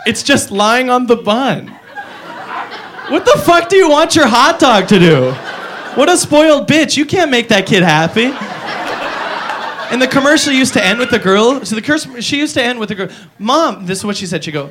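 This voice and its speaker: High, animated stand-up comic man. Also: brisk. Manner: animated, profane, exaggerated character voices. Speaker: stand-up comedian. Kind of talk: stand-up comedy routine. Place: comedy club stage with audience laughter. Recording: noisy live club recording.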